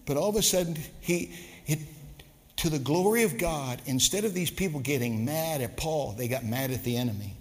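A man's voice: fairly high pitch, normal speed. A male pastor preaching a live-streamed sermon in a church, rambling, repeating words, with humorous asides. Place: church sanctuary. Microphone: live-streamed service mic. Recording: long church reverb.

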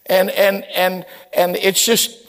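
A man preaching a sermon as a pastor, telling stories in an animated way and often repeating words as he stumbles. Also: sits high, slow pace.

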